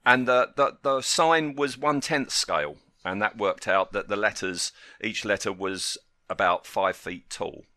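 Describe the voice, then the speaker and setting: A man's voice: lowish voice, measured pace, bright, forceful tone, no echo. An English man hosting a casual film chat, talkative and laughing often, wandering off on tangents. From England. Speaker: podcast host.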